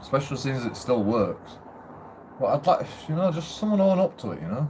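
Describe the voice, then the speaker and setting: A man's voice: medium pitch, big pitch swings, fairly quick, a little mellow, a little hiss or hum. A man ranting casually at home in a shared house, grumbling and swearing as he rambles with restarts. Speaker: vlogger.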